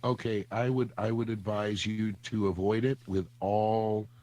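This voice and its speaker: Man, lowish voice, dry wry humor, casual podcast talk. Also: level tone, measured pace, dark tone, a little hiss or hum. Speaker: podcast co-host. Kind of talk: casual chat.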